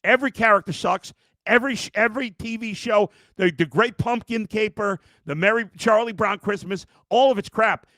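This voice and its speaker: A man's voice: sits high, normal speed, pushed and bright, dry recording, clean studio sound. A man hosting a sports podcast after a game, ranting in an exasperated way and reading out chat comments. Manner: ranting, exasperated, with many restarts. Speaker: podcast host.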